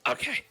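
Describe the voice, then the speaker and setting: A man narrating as game master of a tabletop game, descriptive and playful, slowing down for dramatic detail. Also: bright, forceful tone.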